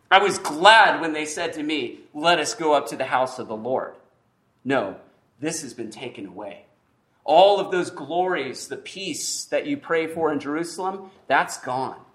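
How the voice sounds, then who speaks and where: A man preaching a sermon, with emphatic pauses and frequent restarts. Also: on the high side. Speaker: pastor.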